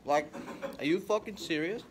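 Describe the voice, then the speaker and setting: A man's voice: on the high side, moderate pace. A young man vlogging on a phone camera around his school, joking and rambling with plenty of swearing. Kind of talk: casual school vlog. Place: school library and classrooms. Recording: noisy classroom chatter behind. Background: classmates chatting.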